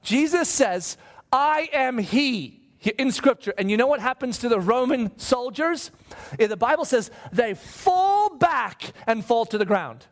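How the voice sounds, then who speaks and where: A male pastor preaching a sermon, telling the story with animated asides and acted-out voices. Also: very high-pitched, a little slow.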